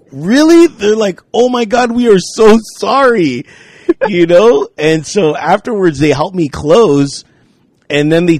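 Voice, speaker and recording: A man in casual conversation tells a story with lots of energy and plenty of swearing, and he acts out other people's lines as he goes. His voice sits a bit high, and the sound is close and dry, with no room echo. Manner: animated storytelling, swearing, acting out quotes. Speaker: guest telling a story. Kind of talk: casual chat.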